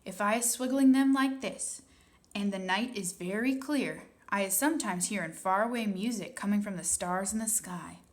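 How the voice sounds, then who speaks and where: A woman's voice: mid-range voice, moderate pace, lightly acted. A woman reading aloud and voicing a big, friendly male giant who talks in jumbled grammar and made-up words. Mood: hushed wonder. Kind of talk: audiobook reading.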